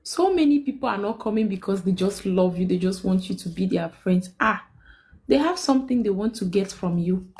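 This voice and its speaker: A young woman, hosting a live stream and telling a personal story in casual chat. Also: normal speed. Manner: animated, quotes people with big pitch jumps.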